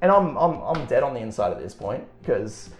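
Animated swearing man, roomy sound. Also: mid-range voice, a little fast. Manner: animated, swears freely, acts out voices. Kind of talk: casual storytelling chat. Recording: roomy echo, faint music.

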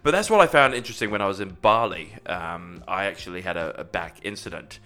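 A young man in casual podcast chat, telling an animated story and jumping into high voices for quotes. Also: fast.

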